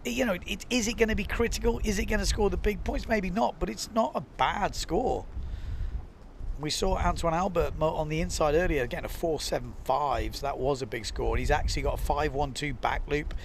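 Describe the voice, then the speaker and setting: A man's voice: on the high side, a little fast, gravelly, slight background noise. A young adult man giving live windsurfing commentary, chatty and loose, often using filler phrases and reading out viewer comments. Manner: chatty, reads viewer comments, frequent "you know" fillers.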